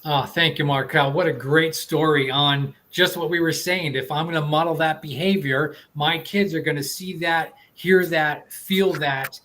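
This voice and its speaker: A man's voice: fairly high pitch, fairly even intonation, unhurried, hardly any pauses, bright, forceful tone, a little hiss or hum. A man hosting a self-improvement talk show, thanking his guest and signing off with upbeat plugs. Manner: upbeat, promotional sign-off. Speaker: host.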